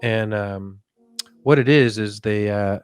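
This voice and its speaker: A male comedian hosting a live show, rambling through a mock guided relaxation in a soft, drifting voice. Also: on the low side, slow, clean tone. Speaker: comedian and podcast host.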